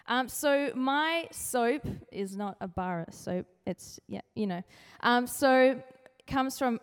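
A fairly high-voiced woman giving a relaxed youth devotion, chatty and playful, slipping into comic voices for the people she quotes. Her voice rings out with a long reverb, as if she is speaking in a large hall. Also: takes it slowly, smooth. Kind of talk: casual youth sermon.

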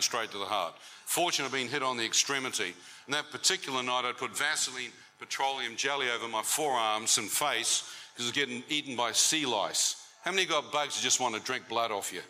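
New man, mid-pitched and very bright, animated testimony storyteller at a church talk. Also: slight background noise, low-quality recording. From New Zealand. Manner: animated storytelling with crowd banter. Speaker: speaker giving a testimony.

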